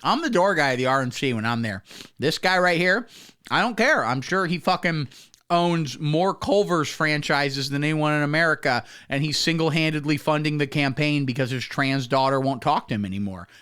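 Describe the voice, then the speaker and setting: Male comedy streamer, fairly high voice, swearing mocker who rambles through riffs. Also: moderate pace, fairly bright tone, smooth. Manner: profane, rambling, mocking riffs. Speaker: comedy livestream host. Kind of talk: crude comedic reaction commentary.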